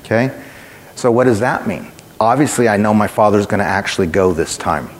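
A man's voice: on the low side, lively intonation, a little fast. A man preaching a sermon, telling a personal story in a conversational way and speaking directly to his listeners. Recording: long hall reverb.

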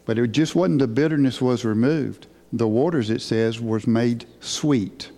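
A man preaching a sermon in an unhurried, emphatic way, asking his listeners questions. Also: mid-range voice, gravelly, warm tone. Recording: hall with long reverb.

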